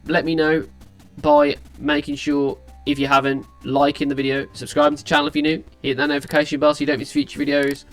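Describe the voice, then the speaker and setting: A man's voice: a little high, monotone, fast talker, fairly bright tone. A young man hosting a music reaction video, chatting casually and rambling with frequent restarts, sounding tired. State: tired, yawning.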